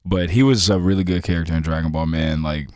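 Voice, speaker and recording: A man's voice: deep voice, steady tone, fast, a little mellow, no room sound, studio quality. A man co-hosting a casual podcast, talking in loose slang and laughing often. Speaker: podcast co-host.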